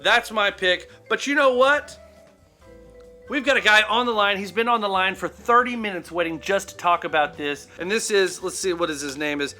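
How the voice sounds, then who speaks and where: A man's voice: high voice, normal speed, sharp tone, faint music behind. A man co-hosting a comedic sports betting show, making picks in jokey, crude banter.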